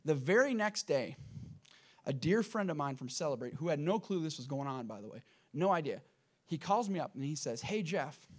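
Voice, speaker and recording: Earnest pastor preaching a sermon. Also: male voice, fairly high pitch, expressive, fairly quick. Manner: earnest storytelling with emphatic repetition. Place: church sanctuary.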